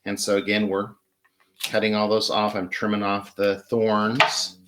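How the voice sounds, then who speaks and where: A man's voice: on the low side, monotone, unhurried, very noisy. Chatty man demonstrating flower arranging. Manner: chatty, enthusiastic, talks while working with hands. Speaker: florist host.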